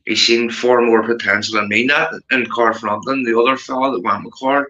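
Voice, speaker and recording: A man's voice: brisk, echoey room, lo-fi sound. A man from Northern Ireland with a Belfast accent, hosting a casual livestream chat and calling everyone mate. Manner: chatty, keeps saying mate, animated rises in pitch. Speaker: livestream host.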